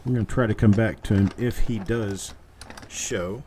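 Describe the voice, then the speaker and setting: Over a noisy background, a man with a fairly low voice hosts a live coin giveaway stream at normal speed. He chats casually, upbeat and joking, as he calls out viewers' names.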